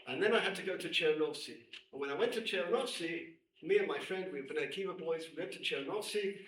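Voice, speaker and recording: Animated middle-aged rabbi in an echoey hall. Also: male voice, on the high side, fast. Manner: animated, emphatic storyteller. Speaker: rabbi teaching women students. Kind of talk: lecture with personal storytelling. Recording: echoey room, distant mic, faint noise.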